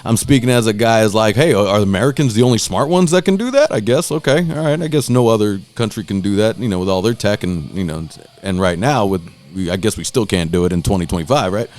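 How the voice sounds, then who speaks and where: Animated man acting out stories. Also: lowish voice, fast, few pauses. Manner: animated storyteller, acts out quotes in a raised voice; swears freely, says "bro" often. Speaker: podcast host. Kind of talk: casual chat.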